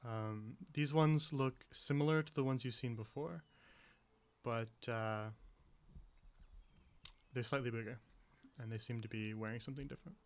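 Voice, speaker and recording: Game master, male, mid-pitched, halting scene narration with frequent "uh"s. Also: fairly even intonation. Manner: hesitant, with many fillers.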